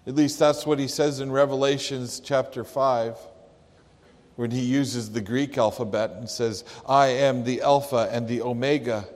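A pastor preaching a sermon, slow and emphatic, leaning hard on key words. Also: male voice, mid-range voice. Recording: long hall reverb.

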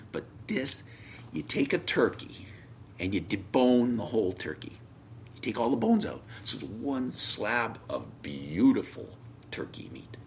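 Guy preaching, low voice but really lively, drops to a whisper then punches up, bit of faint hiss behind. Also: vocal fry. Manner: storytelling, swings from loud emphasis to near whispers. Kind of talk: sermon.

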